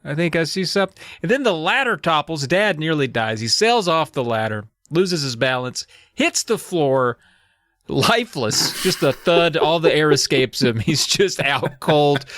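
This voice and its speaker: A man co-hosting a podcast, recapping a book in a casual comedic way, slipping into squeaky voices for the characters. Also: unhurried, no echo, clean studio sound. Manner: animated, slips into high squeaky kid voices for quotes. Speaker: podcast co-host retelling a book.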